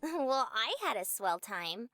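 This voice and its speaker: A woman voicing Yellowstone, a cheerful, bubbly young woman with chipper, old-fashioned folksy phrasing, while reading a game aloud. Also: extremely high pitch, animated, measured pace, dry recording, voice pushed up, heavily acted. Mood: subdued. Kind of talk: reading a visual novel aloud.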